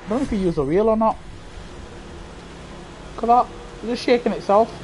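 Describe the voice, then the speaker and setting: Excitable male sim-racing streamer. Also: high-pitched, a little fast, slight background noise. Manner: excitable, loud frustrated outbursts, chats to viewers. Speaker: live gaming streamer. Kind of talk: live sim-racing commentary. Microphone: gaming headset.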